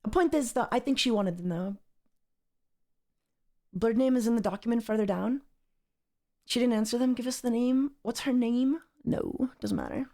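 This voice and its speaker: A woman's voice: on the high side, moderate pace, long pauses, warm tone. A woman streamer reacting on a live stream, rambling and exasperated, repeating herself as she talks. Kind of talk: casual livestream commentary.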